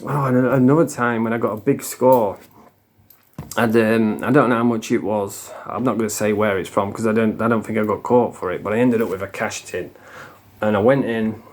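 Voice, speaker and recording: A man's voice: lowish voice, fairly even intonation, a little fast. A man, a former addict telling his story in a frank, casual monologue full of swearing. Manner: frank, swears a lot, plain-spoken.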